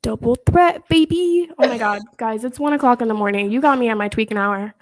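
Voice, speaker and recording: A woman's voice: on the high side, a little fast, no room sound, studio quality. A woman guest on a live online show, joking crudely and swearing in casual chat.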